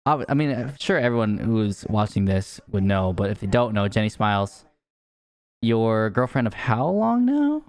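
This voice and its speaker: Young male co-host, low-ish voice, loose laughing chat, dry close sound. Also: big pitch swings, moderate pace, a little mellow, clean tone, dry recording. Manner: laughs often, trails off mid-sentence. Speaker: podcast co-host. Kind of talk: casual chat.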